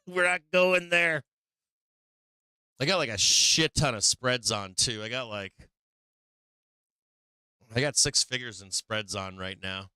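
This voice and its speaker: Casting: male live-stream trading host, very clear crisp voice, dry close sound, mid pitch, teasing, swears freely. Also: measured pace, pauses often, bright, forceful tone, no echo. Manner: talks to the chart teasingly, swears, laughs often. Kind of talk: casual live-stream commentary.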